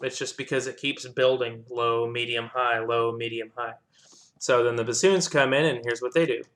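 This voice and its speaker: A man's voice: mid-range voice, normal speed. A man explaining how he arranged an orchestral piece, casually scatting the instrument parts aloud to show how they move. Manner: hums and scats parts aloud, relaxed and self-deprecating. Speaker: composer teaching orchestration. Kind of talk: casual walkthrough lesson. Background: orchestral playback music.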